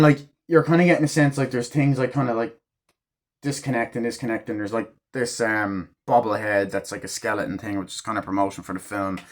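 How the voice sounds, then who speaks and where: A man giving a casual, rambling movie review at home, full of swearing and fillers. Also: mid-range voice. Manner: rambling, profane, filler-heavy retelling.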